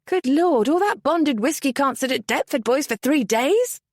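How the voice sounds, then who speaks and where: A woman's voice: high-pitched, lively intonation, normal speed, darkish tone, dry recording, studio quality, voice pushed up. Woman reading as a spirited young widowed lady. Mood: lively.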